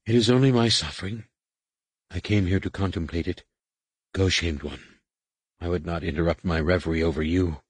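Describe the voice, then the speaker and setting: A man's voice: low-pitched, normal speed, pauses often, breathy edge, no echo. A man voicing a proud alien woman shaper in pain, speaking in a haughty, strained way.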